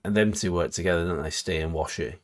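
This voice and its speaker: A male livestream co-host with a lowish voice talks quickly, chatting and bantering casually while reading viewer comments aloud.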